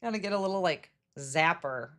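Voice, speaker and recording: Speaking a little fast in a lowish, expressive voice, a chatty middle-aged woman hosts a live card-making demo. She greets viewers by name and laughs at her own slips in this casual crafting stream.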